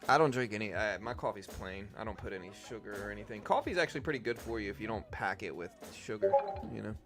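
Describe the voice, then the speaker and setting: A man hosting a live trading stream, talking quickly and casually, thinking aloud with slang like dude and bro, on a desk microphone. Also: lowish voice, animated, over music.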